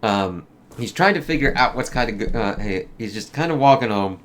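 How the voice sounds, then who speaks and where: A man's voice: mid-range voice, expressive, moderate pace. Profane rambling man reviewing a movie. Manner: profane, rambling, acts out quotes in raised voice. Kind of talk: casual spoiler review.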